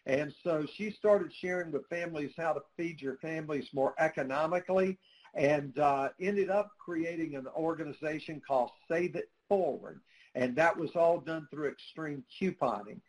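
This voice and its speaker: A man's voice: fairly high pitch, normal speed, rough recording. A man speaking for a nonprofit in a conversational interview, earnest and storytelling, with frequent "uh" fillers. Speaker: nonprofit spokesperson.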